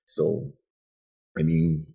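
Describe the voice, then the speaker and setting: A man in his forties from Guam, co-hosting a casual podcast roundtable and telling stories with lots of acted-out quotes. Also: very slow. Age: 40s. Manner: animated storyteller, acts out quotes in a high voice. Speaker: podcast co-host.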